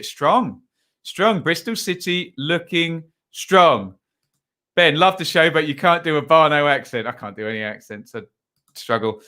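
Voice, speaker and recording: A man's voice: fairly high pitch, sharp tone. A young English man hosting a live football stream, chatting casually, reading out lineups and viewer comments with plenty of ums. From England. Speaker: football channel host.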